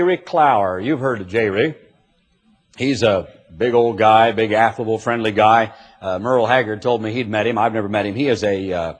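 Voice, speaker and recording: A man preaching a sermon, reading scripture slowly and telling folksy stories with emphatic delivery. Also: mid-range voice.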